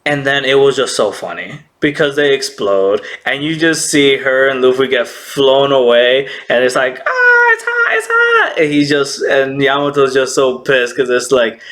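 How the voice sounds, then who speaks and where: A man casually recapping an anime episode, excitable, laughing often and acting out characters' lines. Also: mid-range voice, normal speed, hardly any pauses.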